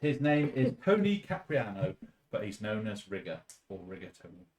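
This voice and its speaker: A male player introduces himself and cracks wry, deadpan jokes in casual chat. He is heard a little far from the microphone, with lively pitch. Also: moderate pace. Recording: distant mic.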